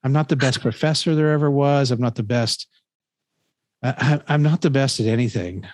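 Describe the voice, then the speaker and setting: A man's voice: medium pitch, a little fast, darkish tone, no echo. A man in his fifties, a professor, telling a story in casual conversation, earnest and rambling with lots of fillers and restarts. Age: 50s. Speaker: professor and podcast host.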